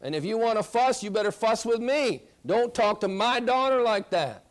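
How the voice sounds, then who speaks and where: A man acting out a husband firmly defending his daughter to his wife, in a raised, forceful voice. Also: sits high, very animated, moderate pace, pitched above the performer's own voice, heavily acted. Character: firm protective husband and father.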